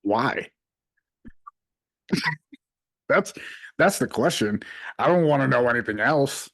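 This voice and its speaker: A man with an everyday mid-pitched voice co-hosts a podcast. He chats casually, laughing along and tossing in short reactions. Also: expressive, takes it slowly, a bit bright, no echo, studio quality. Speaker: podcast co-host. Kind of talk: casual chat.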